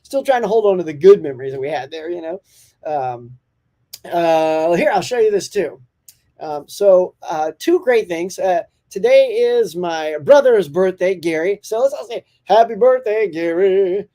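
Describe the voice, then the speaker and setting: A man hosts a relaxed morning live stream, chatting warmly and reading out viewer comments. His voice is mellow and rounded. He stays upbeat and talkative, with frequent laughter. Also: sits high, moderate pace. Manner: reads out and answers viewer comments.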